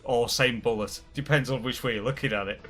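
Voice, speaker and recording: Soft music plays behind a streamer host whose voice is medium-pitched and a bit bright, and who talks fairly quickly. He chats casually with friends during a live game stream, joking, rambling, and laughing a lot.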